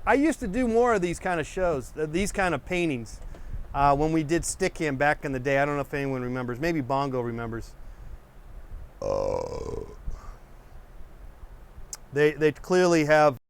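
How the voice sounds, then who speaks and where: A man's voice: on the high side, smooth. A middle-aged man hosting a painting show, chatting casually and drifting from one story to the next. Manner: rambling, digressive, easygoing. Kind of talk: casual rambling chat to viewers.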